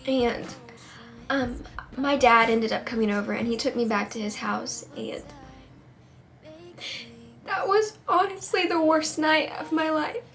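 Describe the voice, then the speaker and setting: A woman tells a painful personal story to camera, tearful and on the edge of crying, in halting, rambling sentences full of restarts. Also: high-pitched, animated, a bit bright, faint music behind. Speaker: singer-songwriter vlogger.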